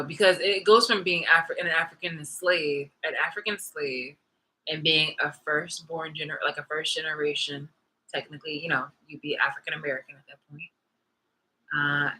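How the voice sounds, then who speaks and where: A woman's voice: lowish voice, bright, forceful tone, poor audio. A woman vlogging in a heated, profane monologue rant, restarting and repeating her phrases as she talks.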